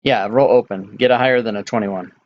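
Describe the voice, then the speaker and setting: Gravelly man running a tabletop game. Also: fairly low pitch, dull audio. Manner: casual, halting with fillers. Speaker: dungeon master.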